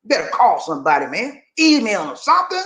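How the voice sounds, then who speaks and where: A man preaches his vlog rant in a high, lively voice that climbs and drops. He repeats phrases for emphasis and sometimes shouts. The room around him rings with echo. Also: fast talker. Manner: preachy, repetitive, swings between shouting and sighing. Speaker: YouTube dating channel host.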